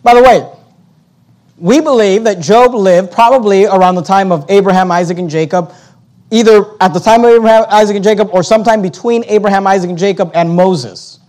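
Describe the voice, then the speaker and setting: A man's voice: high voice, fairly quick, a little mellow. A man preaching a verse-by-verse sermon, emphatic, firing off rhetorical questions and often repeating words as he goes. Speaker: pastor. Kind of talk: expository sermon.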